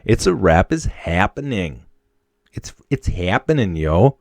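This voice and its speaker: A man in his thirties from Wisconsin, with a faint Upper Midwest accent, hosting a casual solo podcast in a slangy, excitable, chummy way. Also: sits low, a little slow, vocal fry, dry recording. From Wisconsin, USA. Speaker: podcast host.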